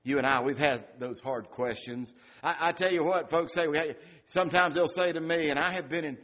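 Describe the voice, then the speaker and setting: A middle-aged man preaching from the pulpit. His voice sits a little high for a man and swings between booming emphasis and near-whispered reflection, pastoral and earnest. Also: fairly quick. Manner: emphatic, swinging from loud to hushed. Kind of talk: sermon.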